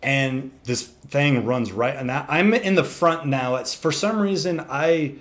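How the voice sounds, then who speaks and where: A man with an ordinary mid-pitched voice spins a long, animated yarn. He swears freely and slips into voices for the animals he describes. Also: unhurried. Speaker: storyteller. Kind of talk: casual podcast chat.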